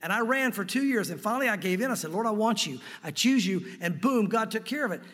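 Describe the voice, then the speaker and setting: A man preaching a sermon from a church sanctuary, earnest and emphatic, slowing down to read scripture aloud. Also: sits high, lively intonation, fairly bright tone. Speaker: pastor. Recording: long reverb of a large hall.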